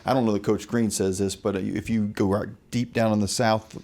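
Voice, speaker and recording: A man's voice: on the low side, steady tone, vocal fry, darkish tone. A man hosting a sports talk show who asks questions and jokes around with his guests. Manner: joking, drawn-out asides. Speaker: show host. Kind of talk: casual interview.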